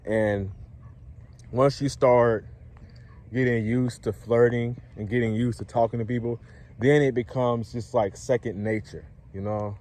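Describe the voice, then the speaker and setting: A man's voice: mid-range voice, steady tone, measured pace, darkish tone. A man talks straight to camera like a coach giving friendly advice. His voice sits in an ordinary middle register, and he keeps the tone loose and conversational. He chuckles now and then and keeps checking in with whoever is listening. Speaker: dating coach. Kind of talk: casual talk to camera.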